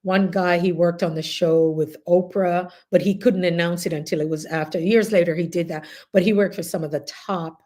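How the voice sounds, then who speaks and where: A woman's voice: fairly low pitch, moderate pace, few pauses. A middle-aged woman with a Jamaican accent, chatting casually as host and telling stories with laughter. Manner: animated, laughing, chatty storytelling. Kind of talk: casual group chat.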